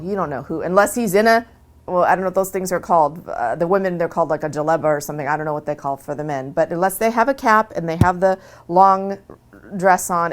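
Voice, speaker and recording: A woman telling her own story in a casual, chatty way, animated, with many restarts and asides. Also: fairly low pitch. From USA. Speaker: convert sharing her story. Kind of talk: casual testimony.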